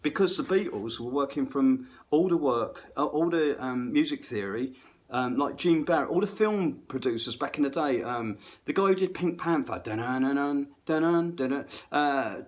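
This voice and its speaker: A man's voice: mid-range voice, expressive, moderate pace. A middle-aged man, a musician, ranting unrehearsed between bits of playing, rambling, self-deprecating and swearing freely. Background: faint guitar playing.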